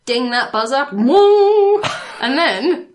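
A woman's voice: mid-range voice, expressive, normal speed, a bit bright. A woman co-hosting a casual games podcast, wry and teasing, laughing often. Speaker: podcast co-host. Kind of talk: casual chat about games.

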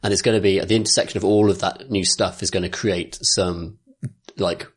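A man with a low, husky voice chats casually about tabletop games. He mostly chimes in to agree, and when he takes a turn he sounds blunt and amused. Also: fairly even intonation, a little fast. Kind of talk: casual tabletop gaming chat.

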